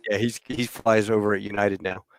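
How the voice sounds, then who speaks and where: A man's voice: on the low side, brisk, slight background noise. A man hosting a casual podcast, telling old flying stories and acting out radio calls and cockpit talk. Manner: animated anecdote telling with acted-out radio calls. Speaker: podcast host and former Marine pilot. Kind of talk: casual storytelling chat.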